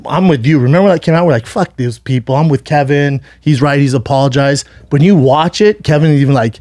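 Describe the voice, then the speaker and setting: A man's voice: fairly high pitch, fast, darkish tone, no room sound, clean studio sound. Rambling man retelling a story. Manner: rambling storytelling, acts out quotes, swears freely. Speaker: podcast co-host. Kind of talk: casual chat.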